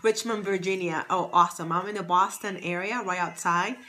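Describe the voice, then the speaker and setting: Woman, casual live-stream host, bright tone, chatty and upbeat, welcomes viewers by name. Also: fairly low pitch, fairly even intonation, fairly quick. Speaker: livestream host, fashion stylist and confidence coach. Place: at home near Boston. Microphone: phone.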